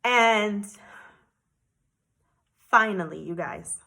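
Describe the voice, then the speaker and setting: A woman's voice: mid-range voice, very slow, gravelly, pushed and bright. An American woman telling an emotional story as a vlogger, indignant and repeating herself. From United States. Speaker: travel vlogger.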